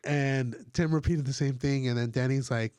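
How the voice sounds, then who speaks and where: A man's voice: mid-range voice, steady tone, moderate pace, a little mellow, clean tone, dry recording. Male podcast host, chatty and rambling, recorded dry and close. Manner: rambling storyteller with fillers. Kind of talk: casual chat.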